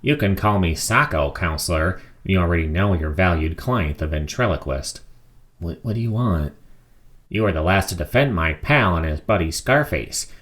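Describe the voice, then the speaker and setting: A man voicing a crude, cocky gangster puppet from a comic book. He cracks jokes and makes threats in a lowish, swaggering voice. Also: lively intonation, normal speed, fairly bright tone. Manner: wisecracking, threatening.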